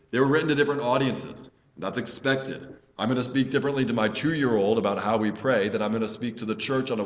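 A man teaching a Bible study as a pastor, earnest, reading scripture aloud with emphasis. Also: on the low side. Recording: echoey room.

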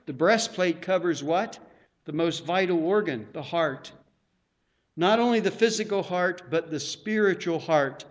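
Earnest man preaching, slow. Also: a little high. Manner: earnest, emphatic, drawn-out phrases. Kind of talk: sermon.

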